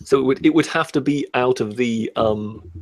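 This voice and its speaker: A man, co-hosting a casual chat with a measured, hesitant and wry manner. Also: medium pitch.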